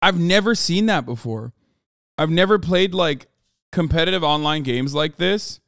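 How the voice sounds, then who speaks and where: A man streaming live, chatting casually in an animated, profane, rambling way full of restarts. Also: a little high, normal speed, dry recording, studio quality. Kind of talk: casual livestream chat.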